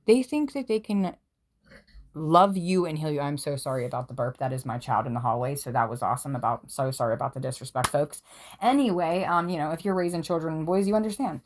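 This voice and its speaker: A woman giving a casual tarot reading at home, excitable and gushing, swearing freely as she talks. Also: low voice, fast talker. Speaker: tarot reader.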